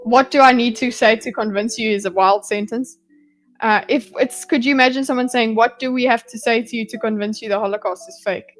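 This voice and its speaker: A woman's voice: fairly high pitch, steady tone, a little fast, faint music behind, poor audio. A woman hosting a livestream, giving rambling, sarcastic reaction commentary and chatting with viewers. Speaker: livestream host.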